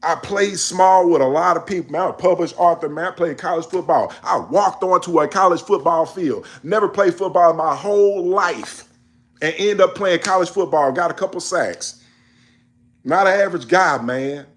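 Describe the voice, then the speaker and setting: A man's voice: high voice, normal speed. A man in a casual monologue on world events, emphatic and preachy, scolding his listeners in slangy speech. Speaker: commentator.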